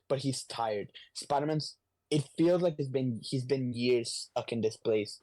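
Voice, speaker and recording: A male podcast host retells a comic story in a loose, animated ramble. His voice is mellow and warm. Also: medium pitch, a little slow. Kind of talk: casual retelling.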